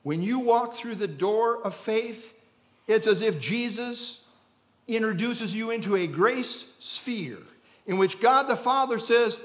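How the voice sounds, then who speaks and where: Lively high-voiced preacher. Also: male voice, measured pace. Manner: storytelling preacher, swells to loud emphatic peaks. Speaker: pastor. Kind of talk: sermon.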